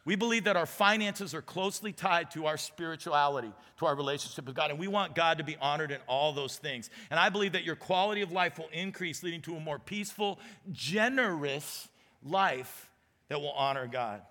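A high, bright-toned man in his forties preaches a casual, joking sermon as executive pastor. He talks like he is chatting with the room, often tossing in a quick "right?". His voice rings out with the long reverb of a big church hall. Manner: chatty, self-deprecating, keeps checking in with "right?". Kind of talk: conversational sermon. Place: church auditorium.

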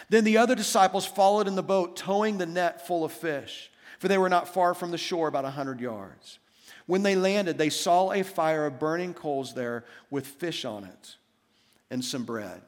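A man preaching a sermon as pastor, telling a story and acting out the quoted lines. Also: high-pitched. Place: church hall. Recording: long church hall reverb.

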